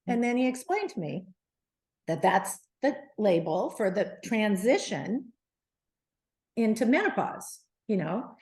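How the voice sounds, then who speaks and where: A middle-aged woman, a guest on an interview show, telling her story in a lively, animated way with many restarts. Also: mid-range voice, slow pace. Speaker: guest, menopause advocate.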